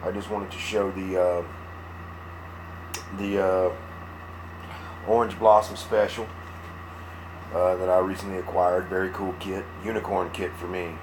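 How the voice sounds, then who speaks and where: Deep and unhurried, with little pitch movement and frequent pauses, the voice of a hungover Mississippi man comes through a noisy background. He rambles casually on his model-building live stream, folksy and poking fun at himself.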